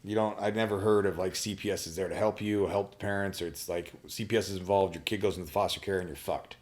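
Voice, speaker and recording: A man as a podcast guest, candidly telling a personal story in a blunt, profane way, halting and restarting often. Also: low voice, steady tone.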